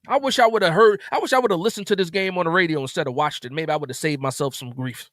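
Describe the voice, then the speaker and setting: A man's voice: fairly high pitch, fast talker, fairly bright tone, dry recording, clean studio sound. A man hosting a live post-game reaction stream, upset and stammering with repeated words as he vents. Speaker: sports stream host.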